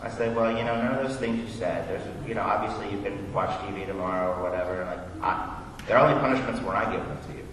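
A man's voice: on the low side, fast, fairly bright tone. A man, a pastor, telling a personal story in a conversational way to open his sermon. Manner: conversational, storytelling, quotes dialogue. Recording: echoey hall, distant mic, background noise.

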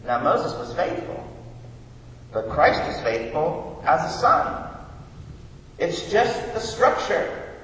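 A man's voice: fairly high pitch, big pitch swings, slow pace, long pauses, fairly bright tone, slight background noise. A young adult man preaching a sermon in a church, with a conversational, teacherly manner that poses questions and answers them. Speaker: pastor. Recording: echoey hall from far off.

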